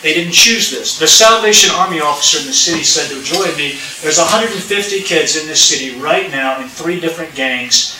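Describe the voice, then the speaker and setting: A man's voice: a little high, brisk, noisy background. A man preaching a sermon, telling a story and acting out its dialogue to the congregation. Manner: animated, acts out dialogue, addresses congregation. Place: church sanctuary. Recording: roomy sound from a distant mic.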